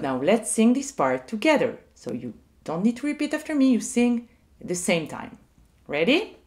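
A woman teaching a music lesson to young children, speaking clearly and leading them to repeat after her. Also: mid-range voice, big pitch swings, darkish tone. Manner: slow, clear and sing-song, leading call-and-repeat.

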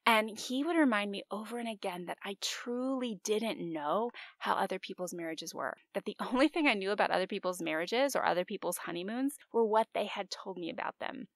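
Gravelly-voiced woman confiding to listeners. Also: medium pitch, a little fast, hardly any pauses, dry recording. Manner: confiding, animated storytelling with laughs and soft whispered asides. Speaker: podcast host. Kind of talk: faith-based podcast monologue.

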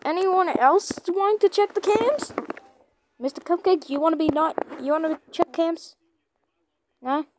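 A woman giving excitable gameplay commentary, chatting to a companion and shouting at teammates. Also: extremely high pitch, a little slow, a little hiss or hum. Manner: chatty, talks to a toy companion. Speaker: gamer.

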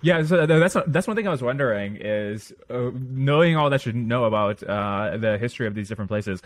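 A man's voice: medium pitch, lively intonation, brisk, dry recording. A young man hosting a podcast, asking long questions with many restarts and fillers. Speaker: podcast host. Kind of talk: casual interview.

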